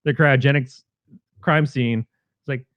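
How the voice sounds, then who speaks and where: A man's voice: medium pitch, steady tone, a little slow, no room sound, highs cut off. A man co-hosting a podcast, chatting casually about a film and eagerly retelling its scenes. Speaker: podcast co-host. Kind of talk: casual film review chat.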